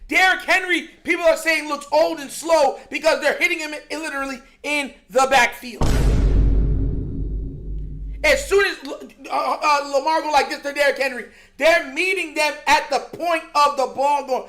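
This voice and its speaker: A high, bright voice carries this sports talk show host through an exasperated rant. The delivery is animated and slangy, mocking the other side and breaking into laughter between points. The voice stays sharp and forceful throughout. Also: normal speed.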